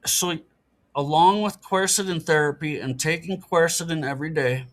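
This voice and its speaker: A man's voice: fairly high pitch, moderate pace. Earnest middle-aged man explaining. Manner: earnest, matter-of-fact explaining. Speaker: podcast guest. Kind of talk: casual interview talk.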